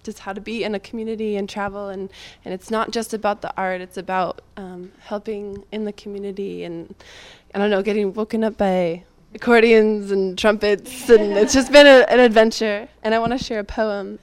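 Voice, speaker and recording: A woman from Northern California, speaking in a mid-range voice at a moderate pace with steady tone and few pauses, introduces herself at a live community gathering. She reads a rhythmic spoken-word poem, then sings with a guitar.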